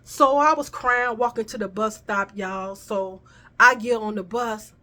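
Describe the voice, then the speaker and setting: A woman's voice: on the high side, unhurried. A woman vlogger telling a personal story in casual chat, talking straight to her viewers. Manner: animated storytelling, addresses viewers as y'all.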